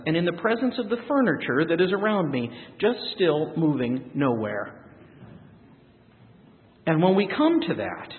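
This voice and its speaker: A man preaching a reflective, earnest sermon, his voice rising and falling softly. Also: sits high. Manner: earnest, reflective preaching with lively rises and soft drops. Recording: tinny phone-like sound, long reverb.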